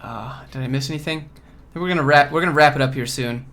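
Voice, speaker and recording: A man from Georgia hosting a casual livestream Q&A from home, relaxed and offhand as he reads and answers chat questions. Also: mid-range voice, fast. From Georgia, USA. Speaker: coding YouTuber host.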